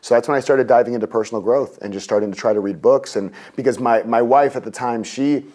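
A man in his forties appears as a guest on an interview show, telling a personal story with lively energy at a quick pace. He acts out what people said, raising his pitch for the quotes.

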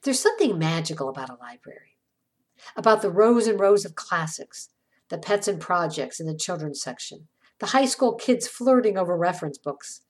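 A woman hosting a podcast, reading a scripted inspirational essay in a measured, reflective way, letting her phrases fall at the ends. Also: mid-range voice. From small town. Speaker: podcast host.

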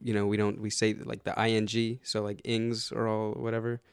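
A man's voice: on the low side, monotone, clear, resonant tone, no room sound, clean studio sound. A man from Florida co-hosting a podcast, teasing and joking in casual chat. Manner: joking, teasing, quick asides. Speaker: podcast co-host.

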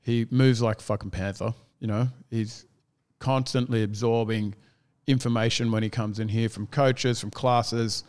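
Animated storytelling man with a smooth voice. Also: medium pitch, moderate pace. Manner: animated storyteller, swearing freely, acting out quotes. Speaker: gym owner. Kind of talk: casual chat.

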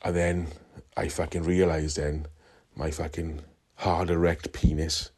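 A man's voice: a bass voice, level tone, a little slow, darkish tone, slightly rough. A Welsh man calling in to tell a rambling story, swearing constantly. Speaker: caller. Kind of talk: recorded call-in story.

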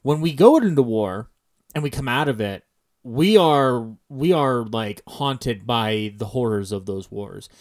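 A man's voice: mid-range voice, expressive, unhurried. An American man co-hosting a casual film podcast, thinking aloud in long digressive sentences full of restarts. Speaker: podcast co-host.

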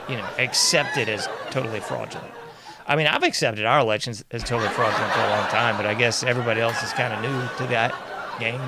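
A man's voice: mid-range voice, very noisy. A man hosting casual political commentary in a sarcastic, mocking tone, often laughing and repeating sing-song refrains. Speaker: commentary host.

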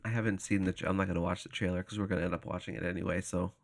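A man's voice: low voice, fairly even intonation, very fast, vocal fry. A man co-hosting a podcast in casual chat, laid-back and often answering with short agreeing replies. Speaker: podcast co-host.

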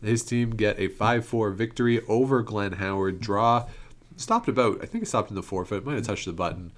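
A man's voice: on the low side, fairly quick. A man co-hosting a curling show, chatting casually and a little under the weather. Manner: easygoing, laughs easily. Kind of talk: casual sports chat. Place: inside an arena.

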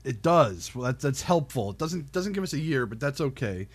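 A man's voice: medium pitch, very animated, normal speed, slightly rough. A man co-hosting a movie podcast in a dry, laid-back way. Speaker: podcast co-host. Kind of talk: casual chat about a movie.

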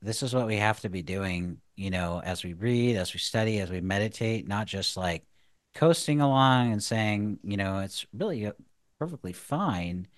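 A man's voice: fairly low pitch, normal speed, dry recording. A man co-hosting a faith podcast, talking earnestly about marriage in a casual, preachy way, full of "you know" and restarts. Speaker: podcast co-host.

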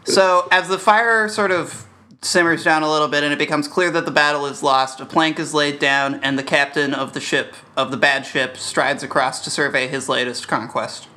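A man guest pitching a story on a comedic podcast, halting with restarts and constant fillers. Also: fairly even intonation, bright, forceful tone.

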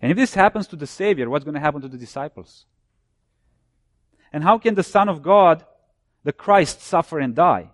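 A man delivers a sermon in a somewhat high-pitched voice, stacking short repeated phrases for emphasis. He falls low and quiet when he cites chapter and verse. The sound is dry and close, with no room echo. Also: animated, moderate pace, long pauses. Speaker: preacher.

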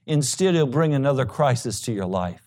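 A male pastor preaching a sermon with emphasis, swinging from loud high peaks to low quiet asides. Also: expressive, moderate pace.

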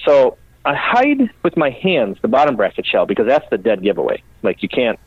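A man's voice: medium pitch, moderate pace, slightly rough, dry recording. A man from Minnesota spins rambling, profane stories in a casual interview, his voice in a middle register. It comes through a tinny, phone-like line with a dry, close sound. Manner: animated, profane, rambling storyteller. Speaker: bike builder guest.

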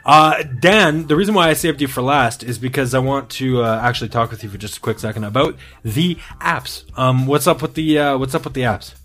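A man's voice: mid-range voice, fairly quick, few pauses, a bit bright. A man hosting a podcast in casual banter, teasing his co-hosts and laughing often. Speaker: podcast host.

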